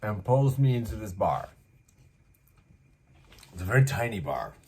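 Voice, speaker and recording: A man from Canada telling a story casually, lively and full of asides, as host. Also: on the low side, measured pace, husky. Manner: animated, acts out voices, many asides.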